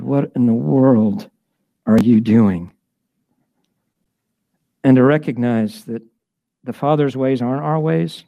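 A man's voice: fairly high pitch, mellow, no room sound. A middle-aged man giving a conversational sermon, acting out prayers in shifting voices. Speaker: pastor.

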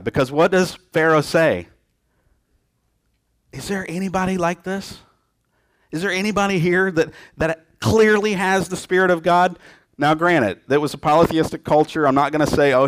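Animated male preacher acting out scripture. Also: medium pitch, dry recording, clean studio sound. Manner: lively storytelling, acts out quotes in voices. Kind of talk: sermon.

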